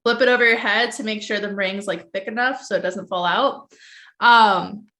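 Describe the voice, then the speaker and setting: A woman's voice: medium pitch, moderate pace, bright, forceful tone. A woman hosting a casual livestream chat, gushing as she tastes food, with lots of "um" and "like". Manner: chatty, gushing food tasting with fillers. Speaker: show host.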